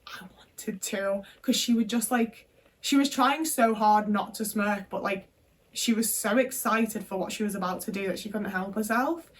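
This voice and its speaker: A woman's voice: mid-range voice, normal speed, distant mic. A young woman from the UK telling a personal story in casual talk, frank and full of swearing and filler words. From United Kingdom. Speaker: vlogger.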